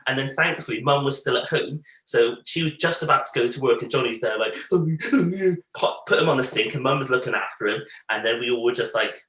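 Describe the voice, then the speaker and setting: A man, co-hosting a casual chat and telling lively family stories, acting out what relatives said. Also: medium pitch, fairly quick, hardly any pauses, roomy sound, low-quality recording. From Bristol, England. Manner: animated anecdotes, acts out family quotes. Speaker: podcast co-host.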